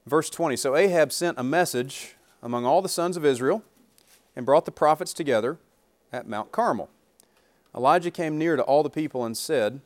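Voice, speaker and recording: A man's voice: medium pitch, brisk. A man preaching a sermon, reading scripture aloud and breaking off into jokes and questions for the congregation. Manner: reads scripture aloud, then riffs with humor and questions to the congregation. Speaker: pastor.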